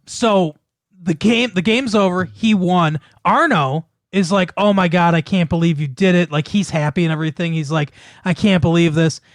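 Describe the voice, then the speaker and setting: Man, higher pitch, dry close sound, casual rambling plot recap, lots of fillers, casual swearing. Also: no echo. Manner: rambling, many fillers and restarts, laughs often. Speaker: podcast co-host. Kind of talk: casual chat retelling a film plot.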